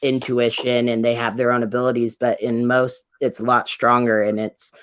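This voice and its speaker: A man speaking as a guest in a casual live chat, earnest and explanatory with halting fillers. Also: mid-range voice, little pitch movement, fairly bright tone, clear, resonant tone, highs cut off. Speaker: guest, tarot reader and medium.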